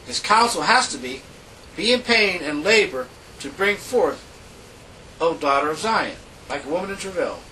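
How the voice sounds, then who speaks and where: Man, preacher, sermon, emphatic drawn-out scripture reading, high pitch, distant mic, faint background noise. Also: animated, pushed and bright.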